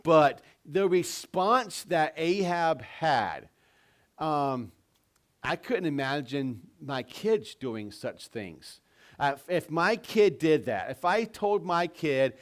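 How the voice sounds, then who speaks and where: A man's voice: a little high, big pitch swings, slow pace. A man preaching a sermon as pastor, telling stories and putting questions to his congregation. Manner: conversational storytelling with questions to the congregation. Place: church sanctuary.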